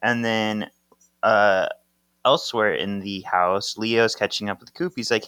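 A man's voice: fairly low pitch, fairly even intonation, a little slow, bright, forceful tone, clean tone, dry recording. A man co-hosting a podcast, casually recapping a comic and acting out the characters' lines in playful voices. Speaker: podcast co-host.

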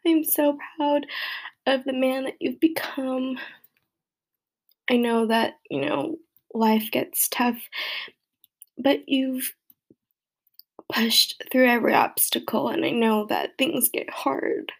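A young woman recording a casual solo podcast for friends, talking in a halting, rambling way with many fillers and often dropping to a soft near-whisper. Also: high voice, steady tone, vocal fry. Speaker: friend recording a birthday message.

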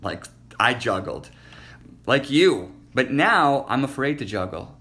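A man's voice: medium pitch, big pitch swings, slow pace, sharp tone. Crude, blunt podcast host, a man. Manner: crude and blunt, rambling, swears freely. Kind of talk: casual chat.

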